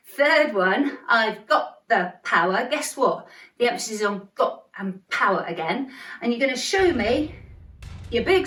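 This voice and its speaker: A woman teaching a dance routine to a class, upbeat and encouraging, slowly chanting the song's lyrics to show where each move lands. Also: sits high, fairly bright tone. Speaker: dance instructor. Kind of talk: instructional dance tutorial. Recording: roomy, distant from the mic.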